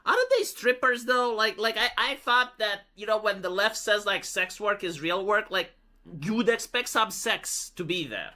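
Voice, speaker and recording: A man's voice: high voice, normal speed, bright, forceful tone. A man giving casual, profane opinion commentary in a clip, rambling with fillers. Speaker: commentator in a played video.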